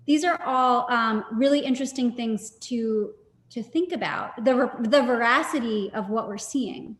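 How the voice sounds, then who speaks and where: A woman's voice: a little high, unhurried. A woman, a gallerist, speaking thoughtfully and hesitantly in a live-streamed video conversation. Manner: thoughtful, hesitant, with many fillers. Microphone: video call. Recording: echoey room with long reverb.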